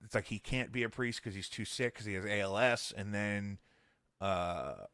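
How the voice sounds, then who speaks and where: A man's voice: on the low side, moderate pace, fairly bright tone, no room sound. A man hosting a podcast in casual chat, rambling and joking with lots of fillers. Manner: rambling, jokey, full of fillers. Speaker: podcast host.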